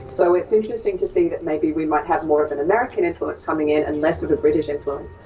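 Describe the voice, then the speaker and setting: A woman's voice: low voice, quick pace, mellow, faint music behind. A woman with an Australian accent, an accent coach explaining thoughtfully with some hesitations. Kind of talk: interview explanation. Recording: dull, distant clip audio.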